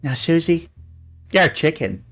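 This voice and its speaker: A man's voice: fairly high pitch, lively intonation, a little slow, fairly bright tone, faint music behind. A man hosting a casual livestream chat show, rambling with fillers and restarts and cooing with delight over pictures. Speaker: talk show host.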